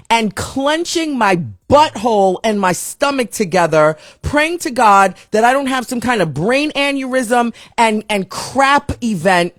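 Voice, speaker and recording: A woman talk show host telling a comic story in a casual, animated way. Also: no echo, studio quality. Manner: animated, comic storytelling with big pitch swings.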